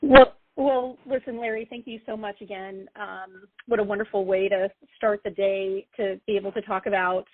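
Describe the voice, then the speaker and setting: A woman with a slightly husky voice speaks as a radio guest about her organization. She talks earnestly, with small pauses. Her voice is dry and tinny, as over a phone. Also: mid-range voice, steady tone, no room sound. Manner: warm, earnest, uses "um". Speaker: nonprofit president, guest. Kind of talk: radio interview. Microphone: phone call.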